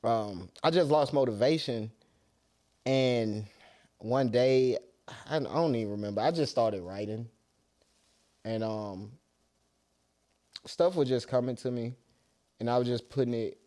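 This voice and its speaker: A man's voice: medium pitch, a little slow, long pauses, mellow. A young man from Atlanta with a Southern accent, chatting loosely as an interview guest and trailing off at the ends of thoughts. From Atlanta, USA. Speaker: rapper guest. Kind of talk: casual interview chat.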